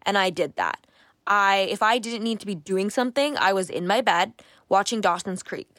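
A woman's voice: medium pitch, normal speed, fairly bright tone, no room sound. Candid young woman podcaster, dry sound. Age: 20s. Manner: candid, reflective, self-talking with restarts. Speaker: podcast host. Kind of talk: casual solo podcast monologue.

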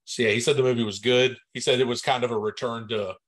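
A man's voice: mid-range voice, fairly even intonation, fast. A man co-hosting a movie podcast, talking in a laid-back, matter-of-fact casual chat. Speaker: podcast co-host.

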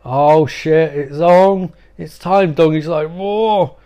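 Sweary, excitable man recapping a film. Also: on the high side, slow pace, clear, resonant tone, soft background music. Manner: excitable, sweary, rambling asides. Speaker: movie recap commentator. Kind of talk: profane comedic film recap.

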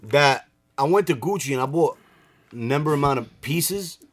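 A man co-hosting a podcast in casual chat, joking and animated, breaking into sung lines and loud laughs. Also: a little high, moderate pace, a little hiss or hum. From the Bronx, New York. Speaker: podcast co-host.

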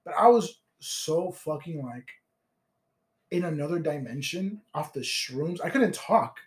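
Young male podcast guest, high-pitched, rambling profane storyteller, recorded in a roomy space. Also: animated, unhurried. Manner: rambling, swearing, many fillers. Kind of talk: casual chat. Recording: roomy echo.

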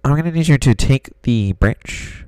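A man's voice: medium pitch, expressive, normal speed, darkish tone, clean tone, no room sound, close to an everyday voice. A man playing a prim, officious emergency dispatcher with a blocked nose in an improvised comedy skit, formal and forever repeating "sir".

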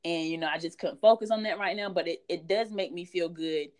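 A woman's voice: fairly low pitch, brisk, darkish tone. A woman guest author talking candidly in an interview, chatty and frank, with many fillers.

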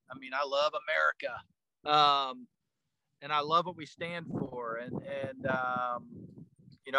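A man's voice: a little high, pushed and bright, no echo, rough recording. Rambling middle-aged army veteran man. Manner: rambling, frequent "like" and restarts. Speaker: retired army first sergeant, guest. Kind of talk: casual storytelling.

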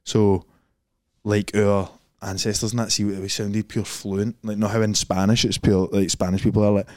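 A young Scottish man with a lowish voice, rambling through casual stories with frequent laughter. The sound is close and dry, with no room echo. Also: flat delivery, normal speed, a little mellow. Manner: laughs often, rambling storyteller. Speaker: podcast co-host. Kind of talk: casual chat.

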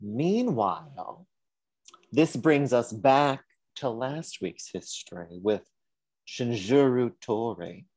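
Male podcast co-host, casual and animated, swears freely, dry close mic. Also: medium pitch, takes it slowly, no room sound. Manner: animated, swears, puts on sassy voices for quotes.

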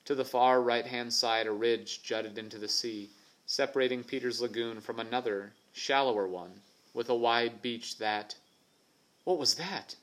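A man narrating an adventure novel for an audiobook in a steady, even storytelling manner. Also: mid-range voice, normal speed. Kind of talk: scripted narration.

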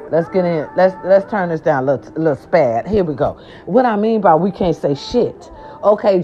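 A woman hosting a casual commentary show, ranting loudly with lots of profanity and slangy asides, exasperated and outspoken. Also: medium pitch. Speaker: host. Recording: dull lo-fi sound.

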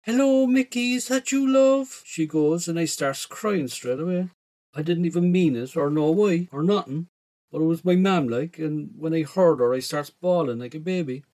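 A man with an Irish accent narrating a first-person story in a rough, slangy teenage voice. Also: fairly high pitch, normal speed, warm tone.

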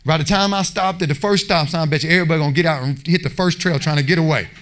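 A man preaches with fervor, his voice pitched notably high for a man. He swings between loud exhortation and quieter pleading, acting out short bits of dialogue along the way. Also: racing. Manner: passionate, impassioned preaching with acted-out voices. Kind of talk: sermon.

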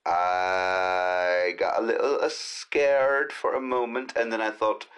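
A man hosting his own solo podcast, talking off the cuff in a rambling, jokey way with quick asides. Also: fairly low pitch, expressive, a bit bright, smooth. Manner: rambling, jokey, jumps between silly voices and asides. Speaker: podcast host.

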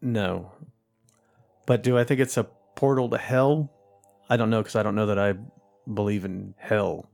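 A man's voice: lowish voice, moderate pace, gravelly, darkish tone, soft background music. Hesitant man hedging his answers. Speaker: podcast guest. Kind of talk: casual chat.

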